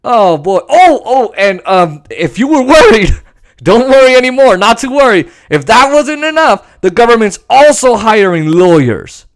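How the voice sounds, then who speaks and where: A podcast host with an extremely high-pitched voice rants about politics at an unhurried pace. His commentary is sarcastic, profane, and animated.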